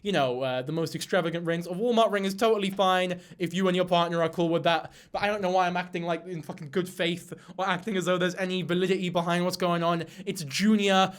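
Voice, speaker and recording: Male host, high and excitable, sweary, casual podcast banter. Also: fast talker, few pauses, clear, resonant tone. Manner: loud, animated, swears freely. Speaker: podcast host reacting to videos. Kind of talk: casual reaction commentary.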